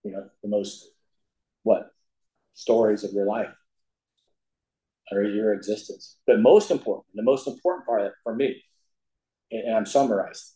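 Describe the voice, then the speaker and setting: An older man speaks to a recovery meeting, folksy and emphatic as he tells his story. His voice sits fairly low. The room around him is echoey, like a hall. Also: warm tone.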